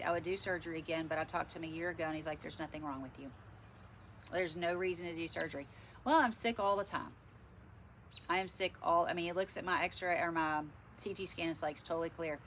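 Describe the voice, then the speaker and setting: A middle-aged woman vlogs casually to camera, chatting frankly and ramblingly in a stuffy, congested voice. Her voice sits low with a fairly bright tone, and there's slight background noise.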